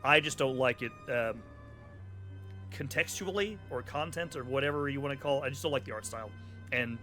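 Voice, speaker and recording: A man's voice: mid-range voice, fairly quick, sharp tone, faint music behind. A man commentating casually while he plays a video game, joking and rambling sarcastically over the cutscenes. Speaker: streamer playing a video game. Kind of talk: casual let's-play commentary.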